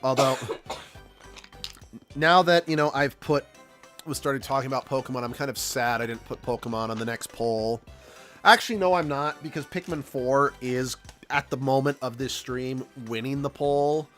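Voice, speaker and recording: A man's voice: mid-range voice, normal speed, a bit bright, soft background music. A man streaming a game, talking casually in a rambling, self-correcting way. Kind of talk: casual gaming commentary.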